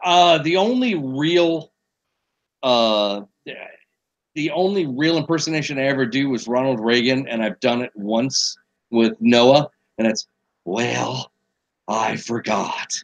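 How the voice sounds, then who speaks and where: A man's voice: medium pitch, unhurried, muffled recording. A man co-hosting a podcast in casual chat, swearing freely and reading quotes aloud as a quiz. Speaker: podcast co-host.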